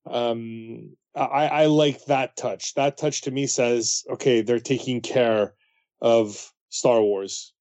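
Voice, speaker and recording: A man's voice: mid-range voice, steady tone, slow, darkish tone. A man co-hosting a podcast, chatting casually and in a joking way. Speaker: podcast co-host. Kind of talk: casual chat.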